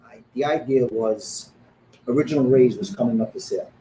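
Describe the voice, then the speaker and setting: A man's voice: medium pitch, brisk, mellow. A middle-aged man, a pizzeria owner telling his story bluntly and animatedly, acting out the quoted dialogue. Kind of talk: storytelling in an interview. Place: back room of a pizzeria under construction. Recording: echoey room with construction noise.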